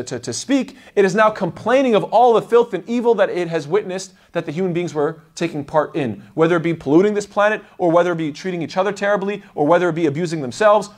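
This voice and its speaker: In an explanatory religious lecture, a male Quran teacher speaks with a voice that sits high, animatedly acting out the words of the people he quotes.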